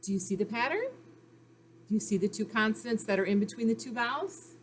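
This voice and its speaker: Speaking fairly quickly and expressively in a fairly high voice, a woman sounds out letters and syllables for young children. It's a recorded phonics lesson, patient and encouraging in manner, and there is slight background noise.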